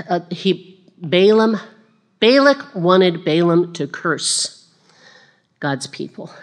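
A woman with a fairly low voice preaching in a relaxed, conversational way. She laughs at herself, stumbles and restarts, and picks up energy as she retells a story. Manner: chatty and self-deprecating, with laughing asides and restarts. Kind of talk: conversational sermon.

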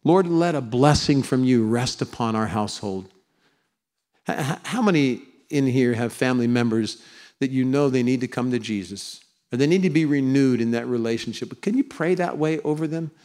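A man preaching a sermon to a congregation, slowing down to read scripture together and putting on whiny high voices to make a point. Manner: animated preaching, mimics whining voices in a high pitch; slows down for congregational scripture reading. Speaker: pastor. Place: church sanctuary with congregation.

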